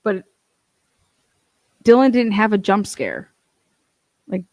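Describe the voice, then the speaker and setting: A young adult woman giving casual true crime commentary, blunt and profane, telling stories with animated asides. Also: medium pitch, slow pace, no echo, muffled recording.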